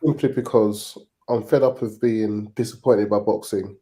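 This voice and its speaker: A British man on a boxing talk show panel, measured and sceptical in tone. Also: lowish voice, steady tone, warm tone.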